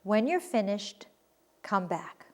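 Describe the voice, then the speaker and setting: A woman teaching a recorded grammar lesson, explaining clearly and deliberately and reading her examples with emphasis. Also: medium pitch, very animated, a little mellow.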